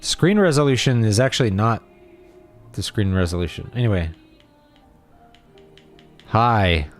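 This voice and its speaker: A man's voice: lowish voice, animated, unhurried, soft background music. A man in his thirties streaming a game, talking casually and rambling as he thinks aloud. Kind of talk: casual gaming livestream chat.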